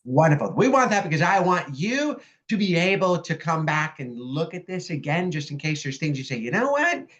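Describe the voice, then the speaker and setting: Woman coach, animated, folksy, lively delivery, dull lo-fi video call sound. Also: low voice, normal speed. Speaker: life coach presenting a workshop. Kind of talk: online workshop presentation.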